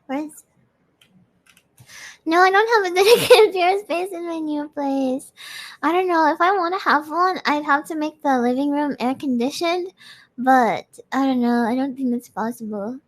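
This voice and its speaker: Giggly high-voiced woman chatting. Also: moderate pace. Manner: giggly, chatty, frequent laughter. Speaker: streamer hosting a live audio space. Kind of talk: casual chat reading audience comments.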